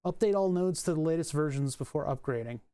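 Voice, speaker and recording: On a casual live stream spent fixing software, the streamer speaks fast in an expressive mid-range voice with a warm, clean tone. Profane and relaxed, they reason aloud and laugh at technical breakdowns and their own frustration.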